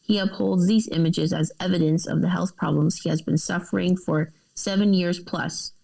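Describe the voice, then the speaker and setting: A woman's voice: on the low side, steady tone, moderate pace, creaky, mellow, rough recording. A woman co-hosting a podcast, reading news articles aloud with casual asides and laughs.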